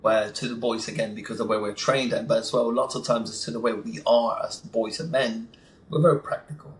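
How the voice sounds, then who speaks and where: A man's voice: mid-range voice, fairly even intonation, a little fast. Enthusiastic man in an echoey room. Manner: enthusiastic, emphatic, acts out quotes. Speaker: podcast guest. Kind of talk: casual interview chat. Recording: echoey room with faint noise.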